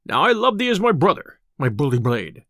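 A boastful, hot-tempered tinker , as a storyteller puts him on, bellowing his archaic threats and jests in a storybook reading. His voice swings widely from low grumbles to loud bursts, and the recording is close and dry. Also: very animated, a little fast, no room sound, exaggerated voice. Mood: hearty. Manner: blustering, loud archaic speech.

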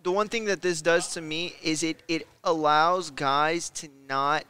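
A man's voice: fairly high pitch, fairly even intonation, measured pace, sharp tone, clear, resonant tone. A man co-hosting a casual boxing talk show, reflective and agreeable. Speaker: boxing podcast co-host. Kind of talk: casual chat.

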